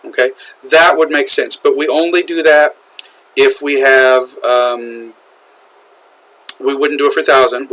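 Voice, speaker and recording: A man with an American accent teaching English usage, explaining slowly and repeating key phrases, often checking in with "okay?". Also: medium pitch, fairly bright tone, poor audio. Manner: slow, repetitive explaining with frequent "okay?" checks. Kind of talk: classroom lecture on English usage.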